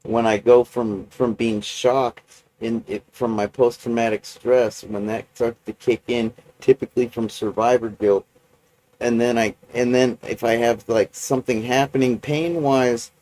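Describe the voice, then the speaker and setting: A man recording a personal video journal, talking in a halting, rambling way with many restarts and fillers. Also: medium pitch, fairly even intonation, a little mellow, low-quality recording.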